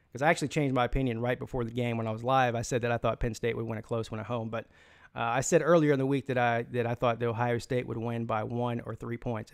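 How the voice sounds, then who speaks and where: Opinionated man rambling about football. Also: mid-range voice. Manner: rambling, opinionated, many restarts and fillers. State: has the hiccups. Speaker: sports channel host. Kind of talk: live stream chat, reading comments.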